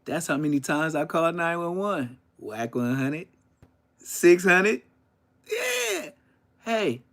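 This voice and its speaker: Loud, animated ranting man. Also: fairly high pitch, takes it slowly, creaky. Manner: loud, animated, rambling, profane. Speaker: podcast host. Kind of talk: casual ranting podcast monologue.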